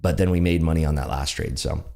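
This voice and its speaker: A man hosting a live day trading stream, excitably calling market moves and chatting with viewers. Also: extremely low pitch, quick pace, vocal fry. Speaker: day trading livestream host.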